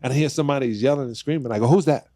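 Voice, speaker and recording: A man in his fifties, a podcast guest, telling animated stories and acting out the voices of the people in them. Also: medium pitch, very fast, no room sound, studio quality. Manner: acts out quoted voices, laughs while telling stories. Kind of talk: animated storytelling in conversation.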